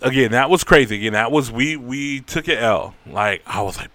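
A man casually recapping a story in a rambling, profane, animated way. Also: mid-range voice, normal speed.

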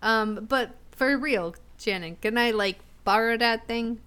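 A woman playing a tabletop role-playing game, talking casually in and out of character with playful, halting restarts. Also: a little high, a bit bright, smooth. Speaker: player.

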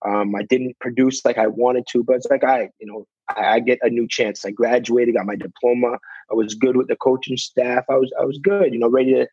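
A man's voice: mid-range voice, fairly even intonation, fairly quick, darkish tone, slightly rough, dry recording, dull audio. A young man, a basketball player, talking in a casual interview, leaning on "you know" and acting out what people said to him. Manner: fills with "you know", acts out quotes.

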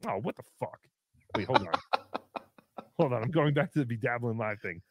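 A man hosting a comedy livestream, reading out viewer messages in a goofy, mocking way and jumping into loud cheers. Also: medium pitch, animated, brisk. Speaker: livestream host. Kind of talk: casual comedy livestream chat.

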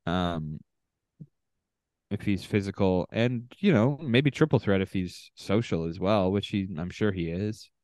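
A man's voice: low-pitched, unhurried, darkish tone, no echo, clean studio sound. A man from Canada co-hosting a casual podcast, reading contestant bios aloud with offhand asides. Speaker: podcast co-host.

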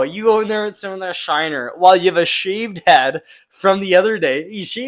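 A man's voice: sits high, a bit bright. A young man, a podcast guest, telling a story in a casual, rambling way, swearing often, laughing and using lots of fillers. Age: young adult. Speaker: podcast guest, junior hockey player.

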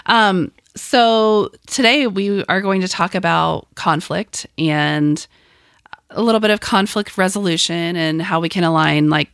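A woman in her thirties co-hosting a casual podcast, a little raspy from a cold, chatty and laughing often. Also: mid-range voice, fairly bright tone, dry recording, clean studio sound. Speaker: podcast co-host. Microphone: close podcast mic.

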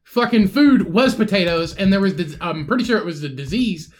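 High-voiced, foul-mouthed male podcast co-host. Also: animated, fairly quick. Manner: profane, mocking, blunt. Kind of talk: casual chat.

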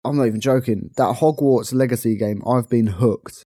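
A young man with a London accent, co-hosting a casual podcast chat, chatty and quick to laugh. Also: mid-range voice, mellow, no room sound, clean studio sound. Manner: chatty, laughs often, playful. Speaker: podcast co-host.

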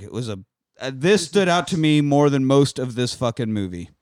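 On a podcast, a co-host recaps an action movie in casual, profane chat, swearing freely and acting out the characters' lines. His medium-pitched voice is animated and a little mellow at a normal speed, captured with clean studio sound and no echo.

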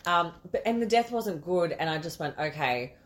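A woman's voice: lowish voice, animated, normal speed, a loud crowd. A woman co-hosting a casual movie podcast, swearing freely and laughing often. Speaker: podcast co-host. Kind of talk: casual movie review chat.

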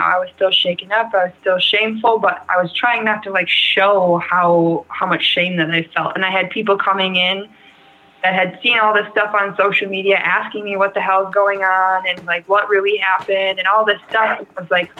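A woman's voice: mid-range voice, little pitch movement, normal speed. Frank young woman on a tinny remote line. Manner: rambling, frank, heavy use of "like" and "um". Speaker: guest. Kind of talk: candid personal story in an interview.

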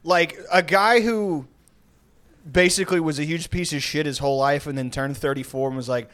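A man chatting casually on a comedy podcast, telling a rambling story with laughs and quick put-on voices. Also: on the high side, steady tone, a bit bright, clean tone.

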